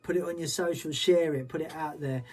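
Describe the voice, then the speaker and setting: A man working as a DJ and show host chats on a casual livestream in a fairly high voice. He keeps a steady tone and a brisk pace, sounding upbeat and loose with slangy talk.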